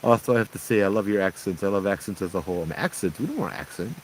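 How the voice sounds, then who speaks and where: A young man with a Hawaiian accent hosts a casual outdoor livestream at night, joking around and reading viewer comments aloud. His voice is low-pitched, expressive and rapid-fire. The audio is poor, with a little hiss or hum.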